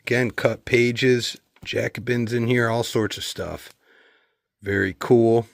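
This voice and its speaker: A used and antiquarian bookseller, tired after long days, chats casually in a slow, gravelly mid-range voice, recorded with no echo. In this show-and-tell vlog he relaxes, shows off his finds, and reads their titles aloud.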